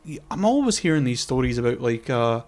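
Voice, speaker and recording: A man co-hosting a casual podcast chat, rambling, swearing and groping for words, often trailing off quietly. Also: mid-range voice, very animated, fairly quick. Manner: trails off quietly mid-sentence. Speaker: podcast co-host.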